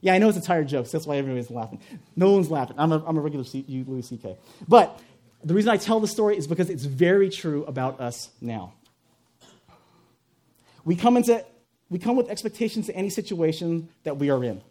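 Animated, mellow-voiced male preacher. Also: fairly high pitch, fairly quick. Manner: conversational, wry preaching with asides and joke-telling. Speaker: pastor. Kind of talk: sermon.

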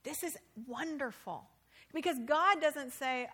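A woman preacher giving a sermon, animated and humorous, with playful asides. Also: fairly high pitch, brisk.

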